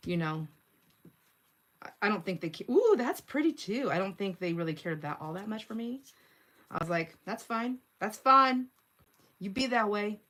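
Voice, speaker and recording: A woman in her sixties chats through a live crafting session in a slightly low voice. She thinks aloud as she works, giggling often and talking straight to her viewers. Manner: chatty, giggly, thinks aloud while working. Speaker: craft livestream host. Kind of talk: casual crafting livestream chat.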